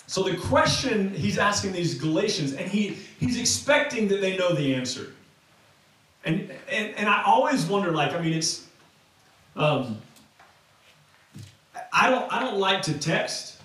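High-voiced pastor in an echoey hall. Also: male voice, big pitch swings, measured pace, pauses often, a bit bright, far from the mic. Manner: conversational, many restarts and fillers. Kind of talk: sermon. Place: church sanctuary.

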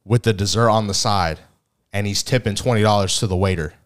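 A man co-hosting a podcast, telling a story in a casual, animated way and acting out the people in it. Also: lowish voice, brisk, smooth. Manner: animated storyteller, acts out quotes, teasing. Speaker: podcast co-host.

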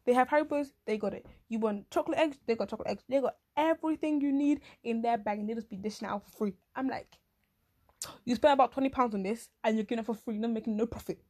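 A young woman talks animatedly in a casual comic monologue, full of slang and quick asides. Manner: animated, slangy, quick asides, acts out others in shrill voices. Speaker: vlogger.

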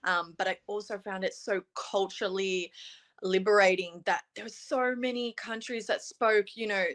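Guest: Australian woman in her twenties, Australian accent, bright and chatty, quick talker full of ums. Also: medium pitch, steady tone. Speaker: pageant contestant guest. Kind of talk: casual interview chat.

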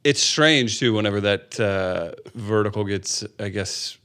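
A man hosting a radio show. He interviews a guest and reads event promos in an easygoing way, laughing often and pausing on fillers. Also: fairly low pitch, sharp tone, smooth.

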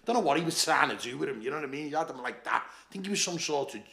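A man's voice: fairly high pitch, lively intonation, rapid-fire, gravelly, bright, forceful tone, roomy sound. A man with a Liverpool accent, a former doorman, telling stories in casual chat, swearing and laughing as he goes. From Liverpool, England. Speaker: podcast guest, former doorman.

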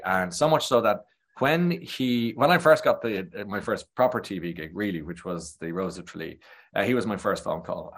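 An Irish man with a lowish voice, talking as a guest in a relaxed chat. He tells anecdotes with plenty of energy and drops into quick impressions of people he describes. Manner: animated anecdotal storytelling, slips into impressions. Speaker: guest, TV presenter. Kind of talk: casual chat.

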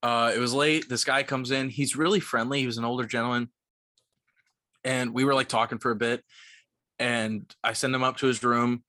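A young man co-hosting a casual podcast, telling stories with lots of swearing and animated quoting, sounding a bit tipsy. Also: medium pitch, normal speed, no echo, clean studio sound. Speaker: podcast co-host. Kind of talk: casual chat, storytelling.

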